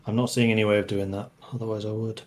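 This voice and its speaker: A man's voice: on the low side, little pitch movement, fast talker, crowd noise. A man playing a strategy game on a live stream, chatting casually with dry teasing remarks. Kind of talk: casual gaming chat.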